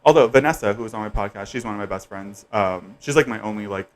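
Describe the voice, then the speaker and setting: A man's voice: on the low side, fast talker. A young man hosting a podcast, chatting casually and animatedly, with lots of "like" and frequent laughter. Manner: animated, laughs often, says "like" a lot. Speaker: podcast host. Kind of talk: casual chat.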